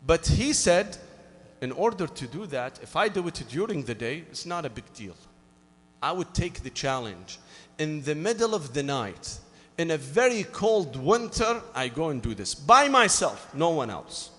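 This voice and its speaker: Preaching a sermon in a big-sounding room, a man whose first language is Arabic tells a story in English, using "you know" again and again. His fairly high, husky voice is unhurried, and he animatedly acts out both sides of a dialogue.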